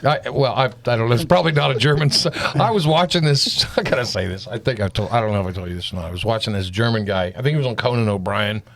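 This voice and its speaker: A man in his fifties leads a casual panel discussion. His voice sits at a middling pitch. He talks loosely and acts out anecdotes with quoted back-and-forth. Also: quick pace, few pauses, fairly bright tone. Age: 50s. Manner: rambling, retells stories with quoted dialogue. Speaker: host.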